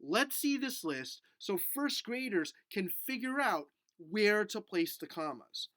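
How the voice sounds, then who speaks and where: A man teaching a video lesson to first graders in a gentle, patient, coaxing way. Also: high voice, very animated, slow pace, dry recording. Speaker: elementary school teacher.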